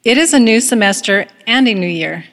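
A woman giving a calm, earnest devotional talk at the start of a semester and reading a story aloud. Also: on the high side, fairly quick, long reverb tail. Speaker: devotional speaker.

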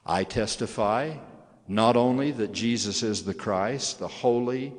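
Slow, solemn man preaching in a large hall. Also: mid-range voice. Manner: slow, solemn and earnest, swelling on key phrases. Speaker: church leader addressing young members. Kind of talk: sermon. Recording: long hall reverb.

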